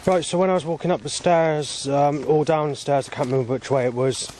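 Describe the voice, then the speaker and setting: A man's voice: a little high, steady tone, a little fast, a little mellow, slight background noise. A man vlogging on a walk outdoors by a road, talking in a rambling, agitated and profane monologue.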